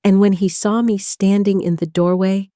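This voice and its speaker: An older woman narrating a first-person story in an even delivery, linking long chains of clauses with "and". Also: mid-range voice, moderate pace, dry recording, studio quality.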